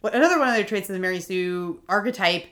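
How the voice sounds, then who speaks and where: A woman's voice: medium pitch, expressive, fast talker, fairly bright tone. A woman co-hosting a casual chat podcast, opinionated, swearing freely and laughing often. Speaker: podcast co-host.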